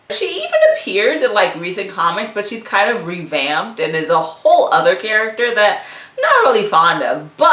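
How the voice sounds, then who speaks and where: A woman's voice: medium pitch, a bit bright, echoey room. A woman hosting a casual comics history vlog, chatty and giggly, full of asides. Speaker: YouTube comics history host.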